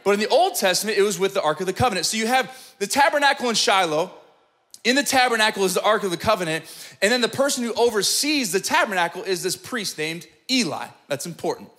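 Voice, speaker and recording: Male pastor, sermon, high bright voice, emphatic and conversational, frequent check-ins. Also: lively intonation, fast talker.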